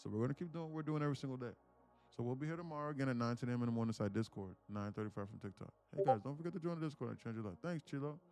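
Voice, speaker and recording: Hosting a live day trading stream, a man talks casually, spins stories, and swears freely. He speaks at a racing pace in a mid-range, darkish voice.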